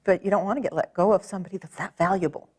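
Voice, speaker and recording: A woman practitioner gently coaching a client through a tapping session, encouraging and calm. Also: mid-range voice, rapid-fire, slightly rough.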